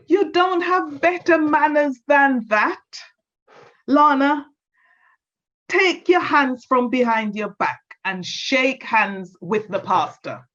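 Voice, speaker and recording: A woman's voice: high-pitched, lively intonation, measured pace, fairly bright tone, pitched above the performer's own voice. Woman playing a scolding grandmother. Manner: scolding, insistent. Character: stern old grandmother, easily vexed. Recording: dull lo-fi recording.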